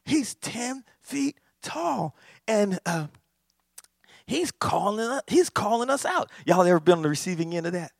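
A man preaching a sermon as pastor, animated, repetitive and emphatic. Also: sits high, normal speed, no echo, clean studio sound.

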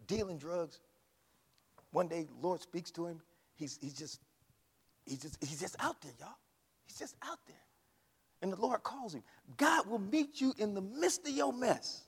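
Man, preaching, high voice, hushed to shouting, long hall reverb. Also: animated, a little slow, slightly rough. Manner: dynamic, swings from hushed to shouting. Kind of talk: sermon.

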